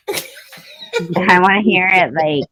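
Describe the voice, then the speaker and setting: A woman's voice: fairly low pitch, extremely slow, sharp tone, no room sound, poor audio. A middle-aged woman hosting a casual live stream, blunt and teasing, telling stories and laughing often.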